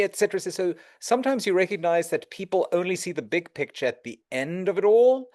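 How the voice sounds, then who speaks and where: A middle-aged man speaking as an interview guest, giving advice and acting out quoted exchanges. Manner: animated, acts out quoted dialogue with shifts in pitch. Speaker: interview guest, real estate executive.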